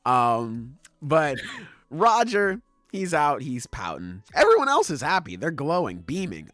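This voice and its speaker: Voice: medium pitch, unhurried, dry recording. A podcast co-host in casual chat, talking animatedly with lots of swearing and laughter. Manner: animated, profane, laughs a lot. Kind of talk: casual chat recapping comics.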